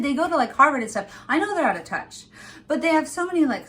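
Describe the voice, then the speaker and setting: A woman's voice: high-pitched, fairly quick. A woman talking straight to camera in a casual vlog rant. She speaks with emphasis and a lot of fillers, and acts out other people's lines as she goes. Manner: animated, emphatic, many fillers. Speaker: former retail employee vlogging.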